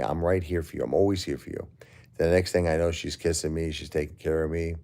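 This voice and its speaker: A grieving middle-aged man hosting a casual livestream, weary and emotionally drained, talking to viewers with halting, repeated words. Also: rumbling low, vocal fry, dark tone. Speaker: livestream host.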